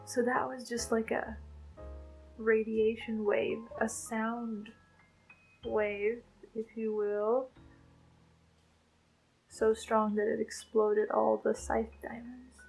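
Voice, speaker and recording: A woman book vlogger reacting aloud as she reads, emotional and gushing, thinking out loud. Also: fairly high pitch, gravelly, poor audio. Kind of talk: casual book readalong reactions.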